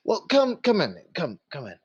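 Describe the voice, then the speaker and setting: A man's voice: high-pitched, wildly swooping pitch, moderate pace, darkish tone, slightly rough, no room sound, muffled recording, exaggerated voice. A man playing a polite house servant.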